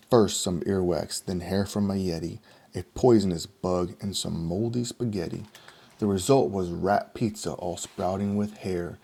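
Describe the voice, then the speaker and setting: A man reads a rhyming children's picture book aloud with a steady, rhythmic lilt. His voice sits very low, with a gravelly fry and a dark, husky timbre. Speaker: storybook reader.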